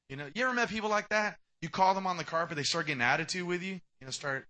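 A man delivers a lively sermon in a bright, forceful voice that sits a little high. He talks to the congregation directly and acts out little bits of dialogue, jumping from loud bursts to hushed asides. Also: racing, hardly any pauses. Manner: animated, acts out dialogue, swings from shouting to quiet. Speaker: preacher.

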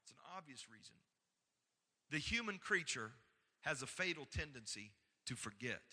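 A man preaching a sermon to a congregation, building to loud, fervent exhortation and calling for amens. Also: medium pitch, very animated, moderate pace, husky, long reverb tail. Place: church sanctuary.

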